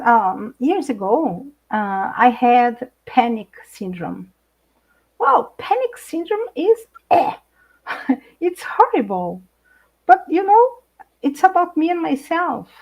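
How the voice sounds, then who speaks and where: A middle-aged Brazilian woman speaking English with a Brazilian Portuguese accent, an animated guest in a live video chat who laughs often and searches for words. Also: high voice, poor audio. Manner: animated, laughs often, hesitant non-native phrasing. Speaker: guest speaker, intercultural trainer.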